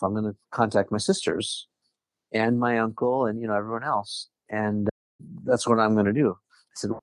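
A man's voice: fairly low pitch, no echo. A middle-aged man telling a personal story in casual conversation, earnest, often restarting his sentences. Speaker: guest.

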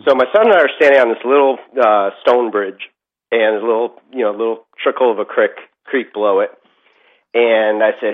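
A man's voice: medium pitch, fairly quick, muffled recording. A middle-aged man telling a ghost story in casual chat, rambling with lots of fillers and restarts.

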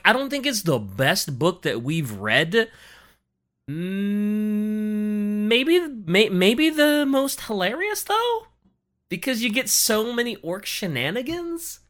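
A co-host on a casual book-discussion podcast, chatty and lively, laughing and swearing casually. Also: medium pitch.

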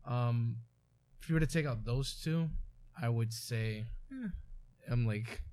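A young man with a mid-range voice chats casually. He talks haltingly, often restarting and filling gaps as he gathers his thoughts. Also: medium pitch, a little mellow. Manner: hesitant, halting, many restarts and fillers. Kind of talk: casual chat.

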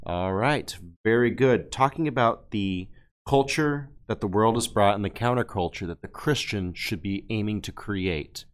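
A man hosting a podcast panel discussion, relaxed and folksy, with frequent fillers and restarts. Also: lowish voice, normal speed, smooth. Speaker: podcast host.

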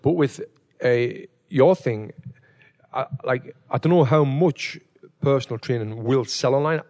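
A man hosting a casual chat, telling stories with lots of swearing and loud acted-out quotes. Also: mid-range voice, unhurried. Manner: animated storyteller, swears freely, acts out quotes loudly. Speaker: podcast host.

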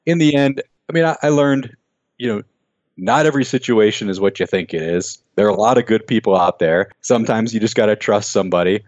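An earnest man with a low voice tells a personal story as a podcast guest, reflective and halting, often restarting his sentences. The recording sounds dull and very dry. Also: darkish tone, no echo. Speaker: guest, racing driver.

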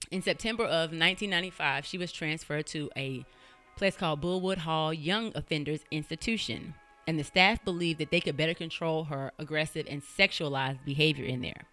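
A woman's voice: low-pitched, sharp tone. A woman hosting a podcast, telling a true-crime story in a casual, blunt way and swearing freely. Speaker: podcast host.

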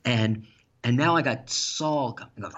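A man telling stories in casual chat, animated and laughing, with some swearing. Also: mid-range voice, moderate pace, breathy edge. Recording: dull lo-fi sound.

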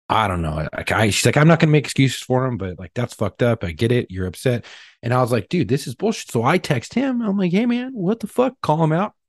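A man with a husky voice in casual, profane chat, telling stories bluntly and animatedly. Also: sits low, no room sound, clean studio sound.

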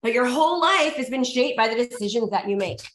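A woman's voice: on the high side, animated, brisk. A woman giving a motivational talk to a live audience, emphatic and repetitive as she coaxes the crowd. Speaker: motivational speaker. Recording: echoey room.

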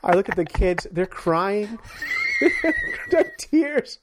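Name: animated male podcast co-host. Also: high-pitched, slow, noisy background. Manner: animated storyteller, laughs often, acts out sounds. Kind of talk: casual chat.

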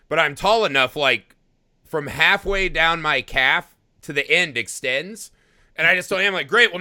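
A man in his thirties, a parent, chatting casually about a film, animated and quick to laugh. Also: a little high, clear, resonant tone, dry recording, studio quality. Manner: animated, laughing, swearing storyteller. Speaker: podcast co-host.

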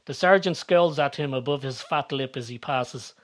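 A man narrating a story in a steady, descriptive reading voice. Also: mid-range voice, moderate pace.

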